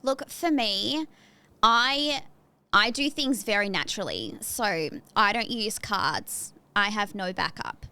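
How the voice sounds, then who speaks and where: A young adult woman, a psychic medium guest, chatting in a loud, chirpy and blunt way and laughing often. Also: mid-range voice, expressive, takes it slowly, clear, resonant tone. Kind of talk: casual interview chat.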